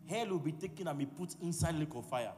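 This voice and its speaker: Preacher with a rising, forceful delivery. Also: male voice, fairly high pitch, expressive, quick pace. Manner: forceful, repetitive call-and-response preaching. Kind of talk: sermon. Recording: long hall reverb with music. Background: music.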